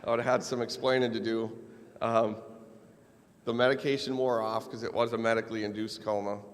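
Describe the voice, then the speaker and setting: Speaking a little fast in a lowish, level voice, a man from Minnesota gives a keynote about his own experiences, poking fun at himself with wry humor. The recording carries the long reverb of a large event hall.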